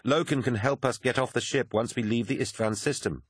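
A man reading an audiobook, voicing a woman remembrancer who is anxious and stubborn, with an urgent, protesting manner and a husky edge. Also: mid-range voice, a little fast, no echo, studio quality, pitched above the performer's own voice, natural voice. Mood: alarmed, insistent.

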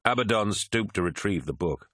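A man narrating a dramatic audiobook in a steady, measured way. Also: fairly low pitch, no room sound, studio quality.

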